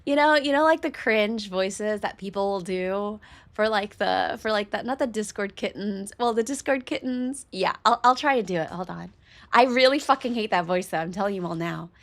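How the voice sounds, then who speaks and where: A woman's voice: medium pitch, moderate pace. A young woman streaming a game, chatting casually with laughter and profanity, self-mocking.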